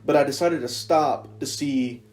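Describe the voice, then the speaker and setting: A teenage man hosting a podcast, chatting in a rambling, animated way and joking at his own expense. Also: mid-range voice, unhurried. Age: teens. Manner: rambling, animated, self-mocking. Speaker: podcast host. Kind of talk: casual chat.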